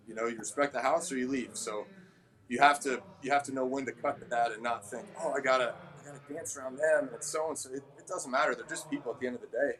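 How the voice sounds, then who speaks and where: In a casual interview, a gym owner and trainer talks at a middle pitch with a steady, fairly bright tone and a quick pace. He comes across blunt and a bit abrasive, acting out other people's lines as he tells his stories.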